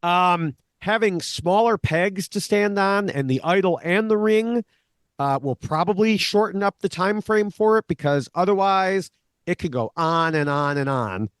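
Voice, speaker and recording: A man co-hosting a podcast, recapping a reality show in a casual, animated way and laughing often. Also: high-pitched, unhurried, smooth, no echo, clean studio sound. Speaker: podcast co-host, Survivor expert.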